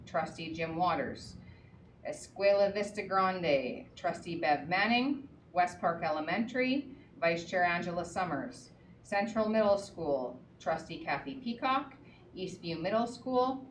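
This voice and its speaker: Woman chairing a board meeting, echoey. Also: on the low side. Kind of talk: meeting chairing, reading a list. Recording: echoey room, far from the mic, faint noise.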